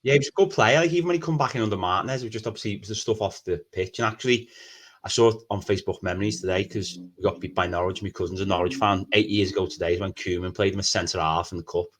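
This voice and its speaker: Man, rapid patter, lowish voice; excited anecdote-teller in a casual podcast chat. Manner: quick, excited anecdote-telling.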